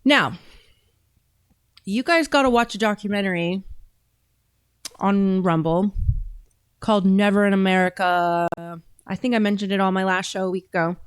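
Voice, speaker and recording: A woman's voice: medium pitch, normal speed, pauses often, smooth, dry recording, clean studio sound. A woman hosting a casual commentary show, reacting to video clips in a chatty, emphatic way. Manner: chatty, emphatic, talks with her mouth full at times.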